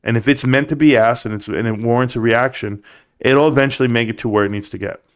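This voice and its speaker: A man's voice: medium pitch, fast, clear, resonant tone. Pep-talking man hosting a live stream. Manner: animated, preachy pep talk, reads chat aloud. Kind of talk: casual live stream monologue.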